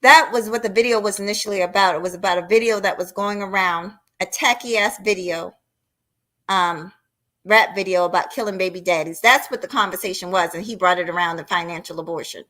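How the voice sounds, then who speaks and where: Blunt, profane woman ranting with a bright voice. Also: medium pitch, brisk. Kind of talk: heated live-stream rant.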